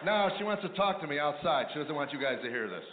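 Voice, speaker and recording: A man's voice: fairly high pitch, quick pace, background noise. Man telling stand-up jokes, tinny echo. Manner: deadpan storytelling with mumbling character asides. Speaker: stand-up comedian. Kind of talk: stand-up comedy routine. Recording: echoey, tinny lo-fi radio replay of a live set.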